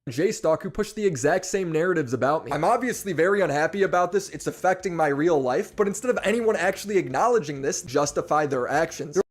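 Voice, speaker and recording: A man in a played video, calmly explaining a grievance in a scripted commentary. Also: fairly high pitch. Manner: measured, aggrieved explanation. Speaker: content creator making a statement.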